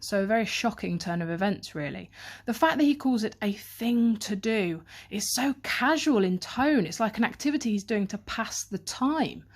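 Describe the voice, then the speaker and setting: A woman teacher giving a revision lesson on a poem, reading quotes aloud and explaining them in close analytical detail, recorded on a handheld camera. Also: mid-range voice.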